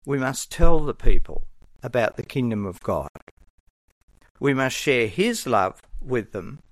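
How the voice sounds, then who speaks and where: A man preaches a sermon at an unhurried, deliberate pace. His delivery is earnest and measured, and he briefly acts out the voices of characters. The sound is close and dry, with no room echo. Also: medium pitch, big pitch swings.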